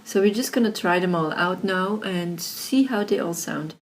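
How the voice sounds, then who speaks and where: A woman explaining audio software in a casual tutorial, recorded on her laptop's built-in microphone, chatty with lots of fillers. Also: on the low side, expressive, moderate pace, slight background noise. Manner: chatty, many fillers like "like" and "you know".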